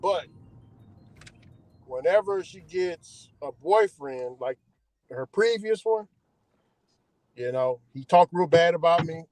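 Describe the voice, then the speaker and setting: A man from Hawaii chatting casually from his car, talking loosely with slang and halting restarts. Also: on the high side, animated, darkish tone, dry recording, poor audio. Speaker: delivery driver and channel host. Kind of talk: casual chat while driving.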